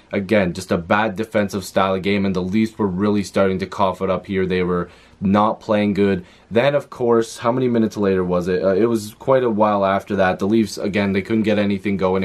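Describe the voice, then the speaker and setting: A young man recapping a hockey game in a casual, excitable way, full of fillers and quick asides. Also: fairly low pitch. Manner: excitable, talks fast with frequent fillers. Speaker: hockey vlogger.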